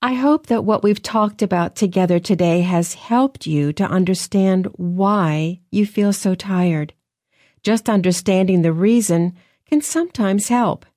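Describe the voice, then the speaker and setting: A woman hosts with a mellow, darker tone and a soft, encouraging delivery. The sound is close and dry with no room around it. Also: mid-range voice, a little slow, no room sound. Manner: soft, encouraging, gently paced. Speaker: co-host. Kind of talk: scripted radio talk.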